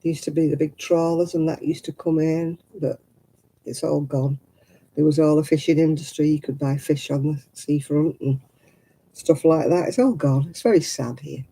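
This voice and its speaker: A woman's voice: deep voice, steady tone, moderate pace, mellow, husky, poor audio. An older woman, chatting casually with viewers on a livestream and rambling as she explains everyday customs. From England. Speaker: livestream host.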